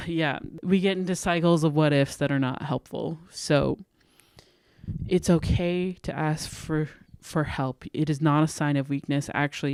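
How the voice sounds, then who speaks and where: Brief: young female podcast host, heartfelt, low-ish smooth voice, close dry mic. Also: darkish tone, no echo. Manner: heartfelt and earnest, laughing often. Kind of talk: encouraging self-worth talk.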